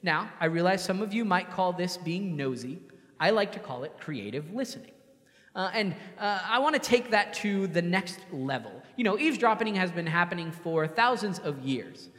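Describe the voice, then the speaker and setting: Guy preaching a sermon, pretty high voice, chatty, does little voices for people, big echoey hall. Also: animated, moderate pace, a bit bright. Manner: conversational preaching, acts out quoted voices. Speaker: pastor.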